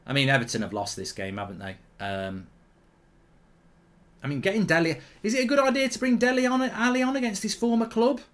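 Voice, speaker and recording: A man's voice: high voice, brisk, a bit bright. A man hosting a live football watchalong, chatting opinionatedly and reacting to the match. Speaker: host.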